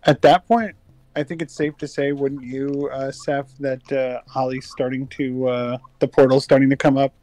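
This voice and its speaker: A man casually narrating his part in a tabletop game, with a halting delivery. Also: medium pitch, flat delivery, darkish tone, no echo, rough recording.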